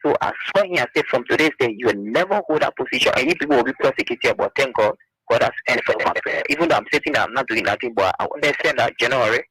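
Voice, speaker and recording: Animated man caller, husky. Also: mid-range voice, fast, no room sound, low-quality recording. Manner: animated, aggrieved storytelling. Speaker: radio caller.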